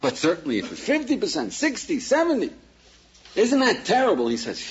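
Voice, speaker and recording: Husky older man giving a lively lecture. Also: high voice, a little fast. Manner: lively, questioning the audience, acts out quoted people. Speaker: rabbi teaching a class. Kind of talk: animated lecture. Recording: dull lo-fi lecture recording.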